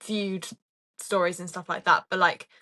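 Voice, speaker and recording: A young woman with a bright, sharp-edged voice co-hosts a casual podcast. She tells stories in a chatty way, and her voice drops low and quiet as she explains things. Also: fairly even intonation, normal speed. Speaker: podcast co-host. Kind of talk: casual chat.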